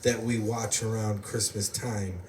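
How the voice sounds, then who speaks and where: Speaking a little slowly in a low, level voice, this man from the United States hosts a podcast, laughing often as he drifts through stories in casual conversation. The sound is roomy and distant-miked, with a faint hum of background noise.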